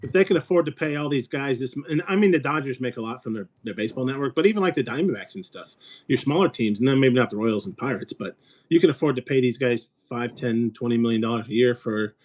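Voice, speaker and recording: A man's voice: mid-range voice, expressive, quick pace, a little mellow. A man from Illinois hosting a casual chat, rambling and joking as he talks. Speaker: host.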